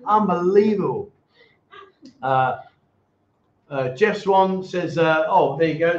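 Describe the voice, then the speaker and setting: A man's voice: fairly high pitch, a little slow, long pauses, slight background noise. Teasing man hosting a livestream. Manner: jokey, teasing, repeats himself. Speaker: livestream chat show host. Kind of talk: casual livestream chat, reading out viewer donations. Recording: echoey, dull livestream audio.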